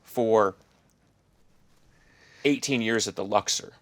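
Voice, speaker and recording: A man's voice: on the low side, slow pace, no room sound. A middle-aged man hosting a podcast, talking in a thoughtful, rambling, musing way. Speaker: podcast host. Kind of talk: casual interview chat.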